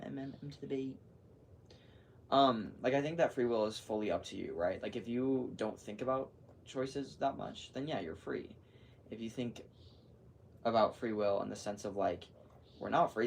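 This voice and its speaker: A teenage boy in his final school year, talking in a casual, rambling vlog, full of "like" and animated retellings. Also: fairly low pitch. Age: teens. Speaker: vlogger. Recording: distant mic with faint background noise.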